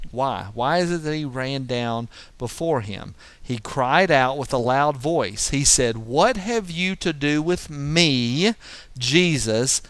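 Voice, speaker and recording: A man's voice: mid-range voice, fairly bright tone, smooth, no echo. A man giving a verse-by-verse Bible teaching, explaining as he goes and often restarting his sentences. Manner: explanatory, thinking aloud with frequent restarts.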